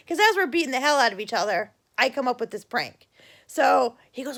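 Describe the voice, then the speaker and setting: A middle-aged woman vlogger casually recounts a childhood story, speaking at a normal pace with a fairly high voice. She's animated, swears freely, and acts out the voices in the lines she quotes.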